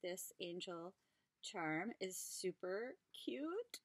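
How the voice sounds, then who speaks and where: Gushing woman with a gravelly, husky voice. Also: on the high side, lively intonation, slow, dry recording. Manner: gushing and delighted, with gasps and soft whispered asides. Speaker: craft channel host. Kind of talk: unboxing craft mail, casual chat.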